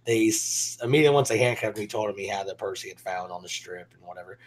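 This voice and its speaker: A man's voice: on the low side, fast. A man hosting a casual show, telling loose, profane stories and laughing often. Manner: swearing, laughing storyteller. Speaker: show host. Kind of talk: casual chat.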